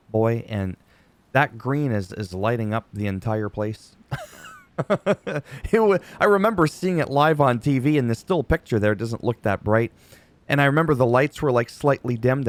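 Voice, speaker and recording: A man giving a casual, chatty wrestling recap, animated and quick to act out quoted lines. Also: medium pitch, no echo.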